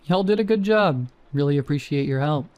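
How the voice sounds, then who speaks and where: A man voicing a calm male park ranger who talks in a steady, soothing way. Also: on the high side, fairly quick, smooth, no echo, highs cut off, close to an everyday voice. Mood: reassuring.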